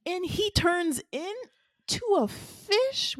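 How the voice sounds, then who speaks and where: A woman chatting casually about an animated series, sounding incredulous and full of questions. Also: very high voice, very slow, no room sound, clean studio sound. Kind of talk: casual chat reviewing an animated anthology.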